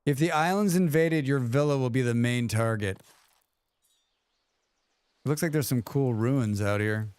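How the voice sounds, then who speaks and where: A man's voice: medium pitch, measured pace, long pauses, darkish tone, clean tone, no echo. A man streaming a game, chatting casually and muttering questions and reactions at the screen. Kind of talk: casual gaming commentary.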